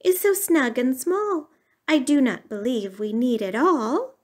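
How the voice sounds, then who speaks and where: A woman doing a brisk practical housewife. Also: sits high, lively intonation, darkish tone. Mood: matter-of-fact. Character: practical gardener's wife. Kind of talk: storybook read-aloud.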